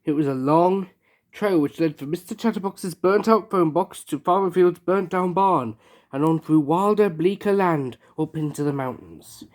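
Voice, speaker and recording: A reader telling a children's picture-book story aloud, gasping for effect at dramatic moments. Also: mid-range voice. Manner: expressive, gasps for effect.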